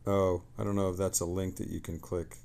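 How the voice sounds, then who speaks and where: A male streamer reads lore aloud on a live broadcast, breaking off for excited, chatty asides. His voice sits low with a gravelly fry running through it. The delivery is casual and unscripted between passages. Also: a little fast. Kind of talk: casual lore reading on a livestream.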